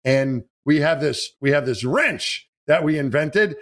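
Animated man telling a story. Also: fairly high pitch, unhurried. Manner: animated, laughs while telling stories. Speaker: astronaut guest telling stories. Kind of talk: casual storytelling chat.

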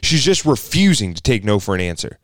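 A man co-hosting a podcast, telling a story in casual chat, animated and profane, acting out the people in it. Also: lowish voice, brisk, no room sound, clean studio sound. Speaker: podcast co-host.

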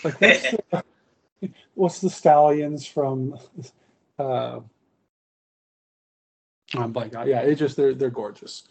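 A man hosting a relaxed podcast chat about tabletop wargaming, rambling with restarts and fillers. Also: medium pitch, slow, gravelly, pauses often. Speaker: podcast host.

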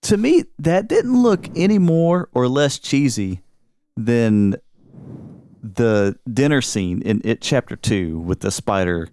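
A man co-hosts a relaxed film chat, speaking slowly and haltingly with many "um"s. His pitch swings widely as he works his way through a point. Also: no room sound. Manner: hesitant, halting with "um" and restarts. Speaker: podcast co-host. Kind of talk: casual movie-review chat.

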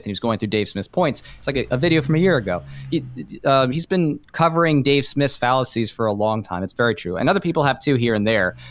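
A man's voice: mid-range voice, a bit bright, no echo. A man guest on a podcast speaking emphatically and critically, with many fillers. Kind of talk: casual podcast debate.

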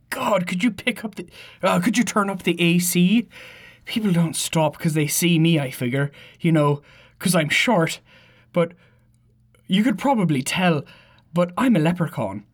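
A woman voicing a chatty, rambling male leprechaun hitchhiker with a Southern Irish accent, reading a comic monologue. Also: lowish voice. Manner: rambling, laid-back, stumbling over words.

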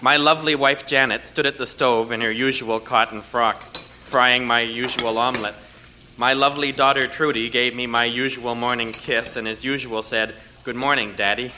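A man performing a deadpan comic monologue as an ordinary thirty-five-year-old guy. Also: mid-range voice, normal speed, a little hiss or hum. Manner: deadpan matter-of-fact monologue.

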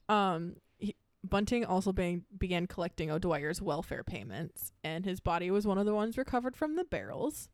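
A woman's voice: lowish voice, big pitch swings, normal speed, hardly any pauses, dry recording, studio quality. A young woman hosting a podcast, going through case notes in casual chat with a jokey, self-mocking manner. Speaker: podcast host presenting a case.

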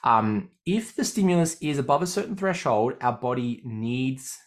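A man's voice: medium pitch, expressive, moderate pace. A man with an Australian accent, a fitness coach explaining training ideas in a podcast, often checking in with "okay?".

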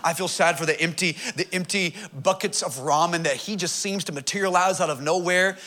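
A man's voice: sits high, fairly quick, sharp tone. A middle-aged man preaching a sermon, telling humorous stories in an earnest way. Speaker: pastor.

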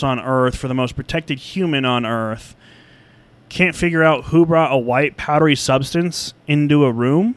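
A man co-hosting a podcast in casual chat, animated and swearing, acting out imagined dialogue. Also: mid-range voice, moderate pace, clean tone, no room sound. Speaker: podcast co-host.

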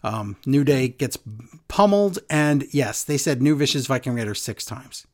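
A podcast co-host recapping a wrestling show in casual chat, sarcastic and animated as they tell the story. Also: mid-range voice, normal speed.

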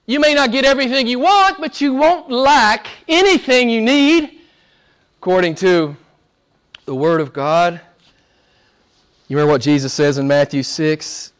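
An older man preaching a sermon, shifting from loud emphatic calls to hushed near-whispers and pressing his listeners with rhetorical questions. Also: extremely high pitch, lively intonation, unhurried, pauses often, smooth. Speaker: pastor.

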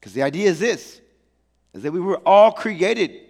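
A male pastor preaching a sermon, telling the story in a lively, playful way with slangy asides. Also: sits high, moderate pace, big-room sound.

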